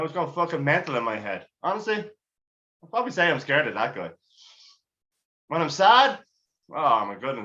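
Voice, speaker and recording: A man's voice: medium pitch, sing-song, brisk, pushed and bright, muffled recording. A middle-aged man doing a crude, rambling, self-mocking stand-up routine. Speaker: stand-up comedian.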